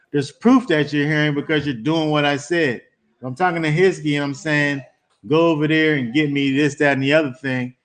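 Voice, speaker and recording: A man teaching a Bible study to a small group, talking conversationally and repeating words as he builds emphasis. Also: a little high.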